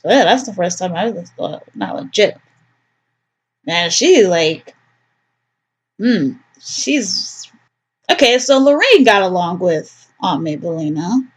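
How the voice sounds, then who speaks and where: A woman's voice: lowish voice, big pitch swings, takes it slowly, pauses often, slightly rough. Chatty woman commenting on a story game. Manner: chatty, joking asides. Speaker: gaming video host. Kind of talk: casual let's play commentary.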